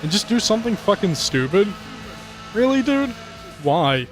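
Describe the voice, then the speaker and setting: A man with a somewhat high voice rants and rambles while commenting on a racing game, swearing freely and jumping from topic to topic. Faint game music plays under his talk. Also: moderate pace. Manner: profane, rambling, animated rants. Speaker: gaming commentator. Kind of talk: gameplay commentary, ranting. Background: game music and car engines.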